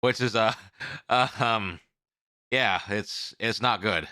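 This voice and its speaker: A man's voice: on the low side, takes it slowly, clear, resonant tone, no room sound, clean studio sound. A man streaming and chatting casually, rambling and talking with his mouth full. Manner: rambling, animated, eating while talking.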